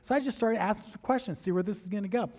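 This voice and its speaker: A man delivers a sermon as a pastor. He tells a personal story in an animated way and acts out the dialogue himself. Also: high voice, racing.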